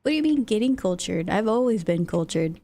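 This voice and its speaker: A woman talks casually to her live-stream audience in a medium-pitched voice. She is chatty and answers her viewers' comments as she goes. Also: animated, fairly quick, warm tone. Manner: chatty, reacts to chat messages. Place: lives in the United States.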